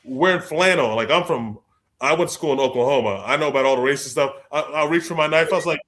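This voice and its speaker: A young adult man, a guest author telling stories in a lively way, acting out the people he quotes. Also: fairly high pitch, fast talker. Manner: expressive, acts out quoted voices, repeats words. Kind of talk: animated storytelling in conversation.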